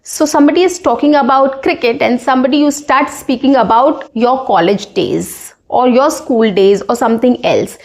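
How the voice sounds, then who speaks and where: Brief: woman English tutor, high voice, patient explainer who keeps checking in. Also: moderate pace, few pauses, a little mellow. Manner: explanatory, repeats points with "okay" and "right". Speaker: English speaking teacher. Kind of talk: spoken English lesson.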